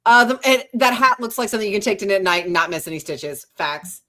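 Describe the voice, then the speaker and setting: A woman's voice: mid-range voice, lively intonation, quick pace, sharp tone. Chatty woman reading comments. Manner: chatty, reads viewer comments aloud. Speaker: host. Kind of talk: casual livestream chat.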